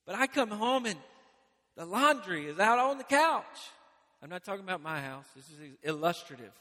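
A man preaching a sermon, building to emphatic repeated phrases and dropping to quiet moments. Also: sits high, very animated, normal speed. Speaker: pastor. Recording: long reverb of a large hall.

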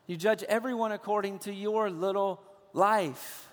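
A man's voice: high voice, a bit bright. Emphatic preaching man in a reverberant hall. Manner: emphatic preaching, slows to stress key phrases. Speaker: pastor. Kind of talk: sermon.

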